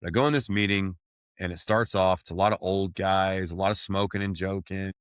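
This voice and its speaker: Blunt man with a low, dry voice. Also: steady tone, a little fast, clean tone, no room sound. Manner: blunt, swears casually, drawls "y'all" and "man". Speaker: podcast host sharing his testimony. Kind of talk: candid conversational storytelling.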